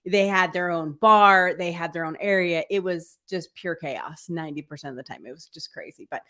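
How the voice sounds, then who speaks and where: A woman's voice: on the low side, normal speed, a bit bright. A woman co-hosting a casual live football podcast, upbeat and chatty, with plenty of fillers. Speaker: podcast co-host. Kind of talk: casual live-stream chat.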